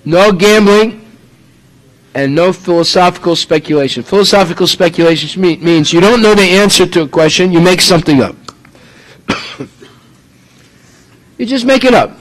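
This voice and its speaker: A man's voice: sits high, expressive, normal speed, pauses often, rough recording. A man from the United States preaching a sermon, emphatic and full of rhetorical questions.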